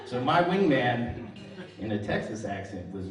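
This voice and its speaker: Recorded from a distance in an echoey large hall, this very noisy clip captures a middle-aged comedian on stage. His mid-range voice is very animated yet unhurried as he tells dry stories ending in puns, drawing laughter from the live audience.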